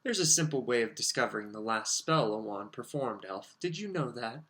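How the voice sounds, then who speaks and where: A man's voice: medium pitch, lively intonation, normal speed, fairly bright tone. A man voicing a stern, bullying middle-aged male official who barks accusations. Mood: accusing. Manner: stern, barking.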